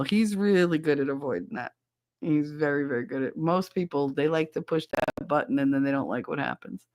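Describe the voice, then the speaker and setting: A middle-aged woman hosting a livestream podcast, chatting casually with viewers and telling animated stories with frequent swearing. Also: sits low. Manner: animated storyteller who swears freely.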